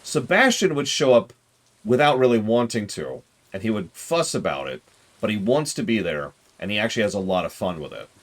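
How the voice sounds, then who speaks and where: A man's voice: lowish voice, brisk. A man streaming a game, chatting casually and joking with his viewers. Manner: chatty, jokey, animated.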